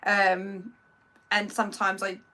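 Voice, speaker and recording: A woman's voice: medium pitch, completely flat delivery, takes it slowly, bright, forceful tone. A woman from Norfolk with a Norfolk accent, hosting a casual live stream, chatty and self-deprecating, tripping over her words as she greets viewers. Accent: Norfolk English. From Norfolk, England. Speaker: livestream host. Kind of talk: casual live chat reading out viewers' names.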